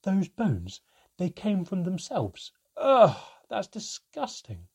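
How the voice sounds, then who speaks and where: A man's voice: medium pitch, sing-song, a little slow, dark tone, slightly rough, pitched above the performer's own voice, full character voice. A man voicing a timid, curious young goblin child who asks nervous, breathless questions.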